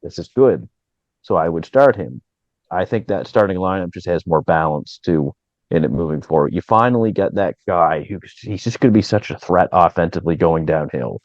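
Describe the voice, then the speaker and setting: A man with a very low voice calmly walks through a basketball lineup like a coach. His sound is dry and a little dull, with no room around it. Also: dry recording. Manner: measured, matter-of-fact analysis. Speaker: co-host, coach. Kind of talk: casual sports analysis.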